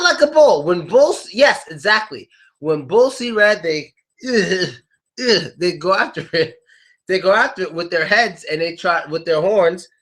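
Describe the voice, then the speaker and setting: Animated, joking man teaching idioms. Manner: joking, animated, acts out quotes in loud high voices. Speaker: English teacher. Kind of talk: lively idiom lesson to a live class.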